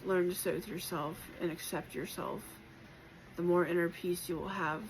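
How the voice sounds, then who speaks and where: In a collective spiritual reading, a woman tarot reader with a slightly low voice offers soft encouragement, sometimes turning emotional, pausing frequently and looping back with fillers. The low-quality recording carries a faint hiss under her voice.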